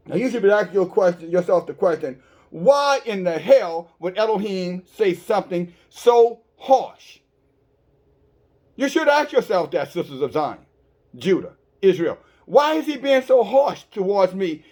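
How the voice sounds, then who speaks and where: High-voiced man preaching emphatically. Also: sing-song, measured pace. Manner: emphatic, with frequent stammered restarts; addresses listeners directly with rhetorical questions. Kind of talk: online sermon.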